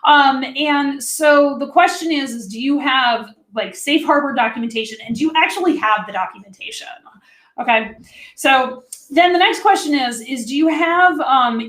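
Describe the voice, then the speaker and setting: A woman's voice: high-pitched, a bit bright. Chatty woman teaching in an echoey room. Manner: chatty and direct, talks to listeners as friends. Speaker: food safety consultant presenting a webinar. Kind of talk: conversational training presentation.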